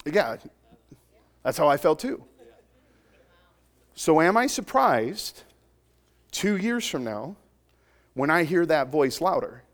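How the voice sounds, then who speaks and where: A man delivering a sermon in a somewhat high voice. He keeps it conversational and jokes with the people in front of him. He swings between loud, emphatic declarations and soft, near-intimate asides. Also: big pitch swings, slow pace, pauses often. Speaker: pastor.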